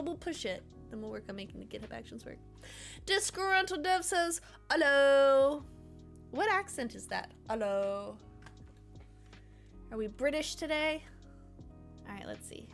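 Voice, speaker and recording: A woman streaming her coding work, chatting casually, reading chat aloud and talking to her cats. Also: high-pitched. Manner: animated, bursts of excitement.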